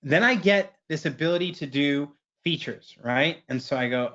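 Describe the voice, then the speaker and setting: A man presenting a webinar, walking through a software screen share in a casual way and tagging his sentences with "right?". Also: a little high, measured pace, hardly any pauses, muffled recording. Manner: casual, keeps asking "right?".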